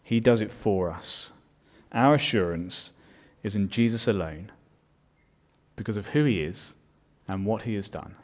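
A man's voice: fairly low pitch, measured pace. A man preaching a sermon as pastor, earnest and building in volume on his key points.

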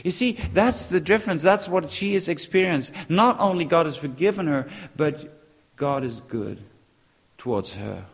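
Preacher in a reverberant hall. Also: male voice, high-pitched, lively intonation, normal speed, creaky, hardly any pauses. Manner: emphatic, repeats short phrases, sometimes searches for English words. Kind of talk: sermon.

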